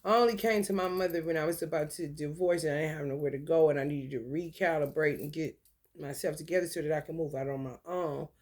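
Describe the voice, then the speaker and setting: A woman's voice: low-pitched, steady tone, fast, darkish tone. A woman, telling blunt, profane stories and reading tarot cards in a casual talk. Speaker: tarot reader.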